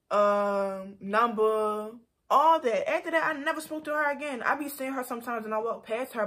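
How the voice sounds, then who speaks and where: A woman's voice: a little high, a bit bright. A young woman vlogger telling a personal story in a frank, heated, casual way, full of "like". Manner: frank, heated, heavy use of "like".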